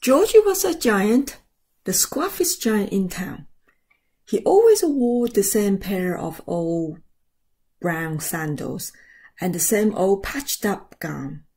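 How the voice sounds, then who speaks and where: A woman reading a picture book aloud as story time reader, soft, slow and expressive. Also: mid-range voice, slightly rough.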